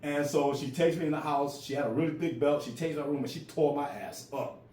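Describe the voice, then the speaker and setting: A man's voice: on the high side, fairly even intonation, a little fast, a little mellow. Stuttering man in his forties telling stories. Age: 40s. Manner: stutters, repeats words. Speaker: storyteller. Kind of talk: casual storytelling. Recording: roomy with faint ambient noise.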